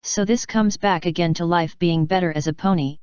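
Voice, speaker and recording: A woman voicing a frustrated human husband who speaks flatly and needles his wife, in a smooth, dry, lo-fi reading. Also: on the low side, a little fast, no echo, natural voice. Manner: flat, needling. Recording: dull lo-fi.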